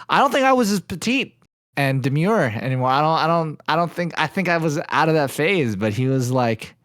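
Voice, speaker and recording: A young man telling stories casually on a podcast, animated and acting out the voices of others. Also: medium pitch, no echo, studio quality. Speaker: podcast co-host. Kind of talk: casual storytelling.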